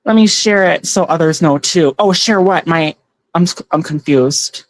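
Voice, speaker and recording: A woman's voice: low-pitched, normal speed, no room sound. Chatty giggly woman hosting a livestream. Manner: chatty and giggly, warmly thanking viewers by name. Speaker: tarot reader and livestream host. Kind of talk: casual livestream chat, reading out viewer comments.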